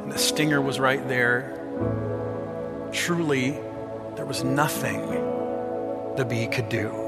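A middle-aged male pastor preaching a sermon, swinging from loud, emphatic lines to hushed storytelling and stretching out the scripture lines slowly. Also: mid-range voice. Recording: long hall reverb with music behind.

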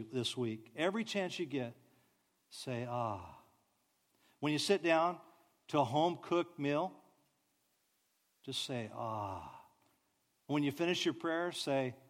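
Animated storytelling male preacher. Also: a little high. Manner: storytelling, animated, drops to soft sighs. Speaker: pastor. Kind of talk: sermon.

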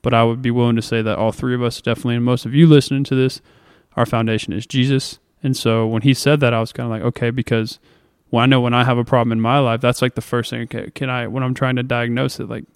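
Guy cohosting a faith podcast, thinks out loud, lots of ums, clean smooth voice. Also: medium pitch, little pitch movement, fast talker, dry recording, studio quality. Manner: earnest, thinking aloud with fillers. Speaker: podcast co-host. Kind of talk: casual faith discussion.

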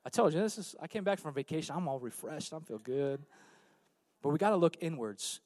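A man preaching a sermon as pastor on a church stage, swinging from hushed, low passages to loud emphatic calls out to the congregation. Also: lively intonation, a little fast, dry recording.

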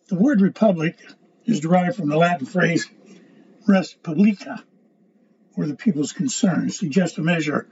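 Older man, high husky voice, halting rambling monologue, dull dry lo-fi recording. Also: a little mellow, slight background noise. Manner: rambling, halting, stumbles over words. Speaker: political commentator. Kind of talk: casual political monologue.

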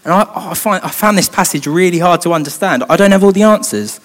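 Speaking quickly in a high voice, a young youth leader recounts a Bible story casually, chatting along and cracking jokes on the side. A long reverb from the hall hangs on the sound.

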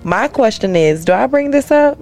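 A woman's voice: fairly high pitch, animated, normal speed, a little mellow, soft background music. A woman guest co-host on a comedy podcast, reading a listener's letter aloud and breaking into playful asides and laughter.

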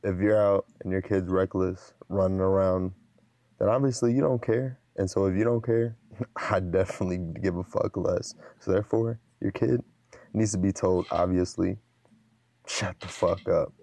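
Low gravelly man with a dry sound. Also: steady tone, moderate pace, dark tone, dry recording. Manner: rambling, sarcastic. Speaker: panelist. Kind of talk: casual comedic debate.

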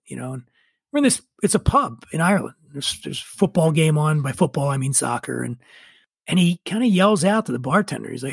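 A man's voice: on the high side, lively intonation, fast, gravelly, slightly rough, no room sound. A man in his forties, a podcast guest, telling a rambling story with profane, wry asides. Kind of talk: casual storytelling chat.

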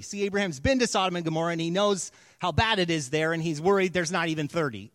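A man's voice: on the high side, fast talker, hardly any pauses, fairly bright tone, no echo, studio quality. A man preaching a sermon, telling stories in a conversational, casual way. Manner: conversational storytelling. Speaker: pastor.

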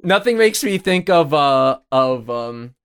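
A man's voice: on the high side, sing-song, slow pace, fairly bright tone, smooth. A man in casual chat, dropping dry joking remarks.

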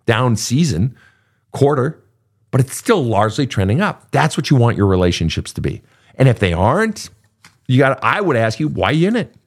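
Male host, middle-aged, blunt and profane, lively pitch. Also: moderate pace. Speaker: podcast host, coach. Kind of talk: casual advice talk.

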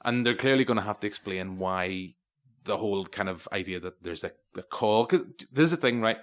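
A man's voice: lowish voice, animated, a little fast, fairly bright tone. An Irish man hosting a podcast, chatting casually about a film, rambling and wry with many asides. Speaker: podcast host. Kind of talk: casual film review chat.

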